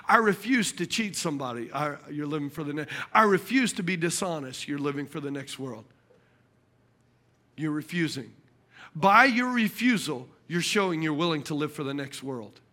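Bright high-voiced preacher man. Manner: animated, jokey, calls out to the congregation. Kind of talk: sermon with comic storytelling.

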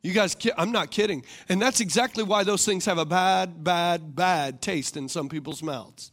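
Male pastor, high voice, sermon style, big on call-and-response. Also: normal speed, a bit bright. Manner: rhetorical, calls for congregation responses; repeats questions for emphasis.

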